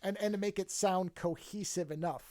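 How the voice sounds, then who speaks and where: A man's voice: high voice, fairly even intonation, moderate pace, a crowd in the background. A man co-hosting a podcast, talking in a rambling, self-amused way with many restarts. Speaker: podcast co-host. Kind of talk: casual chat.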